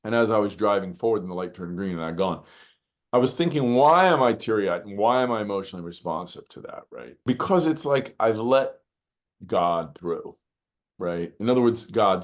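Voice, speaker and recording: Male guest, fairly low voice, earnest storyteller who breaks into acted-out exclamations. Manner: animated, acts out shouted quotes, many "you know" fillers. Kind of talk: reflective storytelling in conversation.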